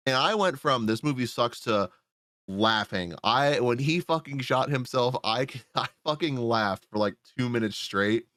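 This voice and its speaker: A man's voice: mid-range voice, animated, unhurried, fairly bright tone, no echo, clean studio sound. A man casually recapping a movie on a podcast, rambling and swearing freely as he acts out his own reactions. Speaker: podcast co-host reviewing a film.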